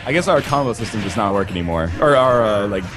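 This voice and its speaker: A man's voice: on the low side, expressive, fast. A man giving casual gaming commentary while playing with a friend, rambling and joking with lots of filler words. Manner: rambling, jokey, heavy on "like" fillers. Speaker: let's play co-host. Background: game music.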